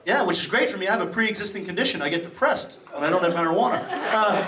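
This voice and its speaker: A man's voice: high-pitched, big pitch swings, very fast. A middle-aged man from Massachusetts doing a profane stand-up set, firing off brash crowd work on a comedy club stage. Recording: distant, roomy club recording with loud crowd noise. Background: audience laughing and applauding.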